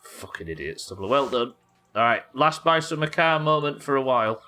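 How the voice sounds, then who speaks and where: A man's voice: medium pitch, sing-song, a little fast, bright, forceful tone. A man hosting a live gaming stream, chatting casually and swearing freely as he jokes with his chat. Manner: chatty and profane, joking with chat. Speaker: gaming livestream host.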